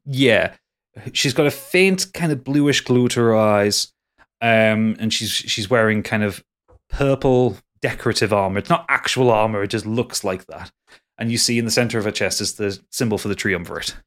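A man's voice: lowish voice, fairly bright tone. Casual male game master narrating. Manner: casual, halting, lots of restarts.

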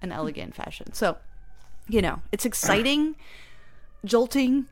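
A woman chatting as a guest about the stage show she created, rambling and animated. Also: on the high side, a little slow. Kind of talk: casual interview chat.

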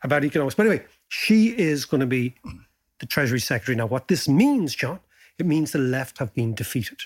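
A man hosting a podcast, chatting in a casual, jokey, animated way. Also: fairly quick. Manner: animated, jokey, swoops up in pitch. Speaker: podcast host.

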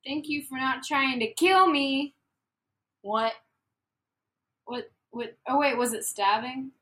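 A woman's voice: high voice, takes it slowly, bright, forceful tone. A woman co-hosting a casual podcast, making playful, sarcastic jokes. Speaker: podcast co-host.

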